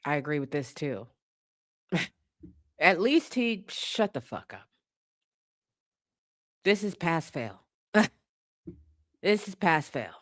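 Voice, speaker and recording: A woman's voice: sits low, big pitch swings, slow pace, pauses often, dry recording. Blunt, profane woman ranting, dry sound. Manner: emphatic, repeats points for force. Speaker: commentator. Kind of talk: casual opinion rant.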